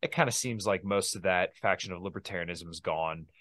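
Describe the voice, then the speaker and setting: A man hosting a podcast, talking in a laid-back, halting way with many fillers. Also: low voice, crowd noise. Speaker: podcast host. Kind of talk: casual podcast interview.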